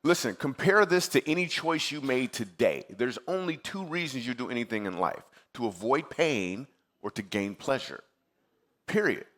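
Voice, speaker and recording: A man's voice: mid-range voice, expressive, normal speed, fairly bright tone. A man from Michigan, a comedian as guest speaker, telling a personal story in a comedic sermon and acting out his own replies in a conversational way. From Michigan, USA. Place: church stage before a live audience.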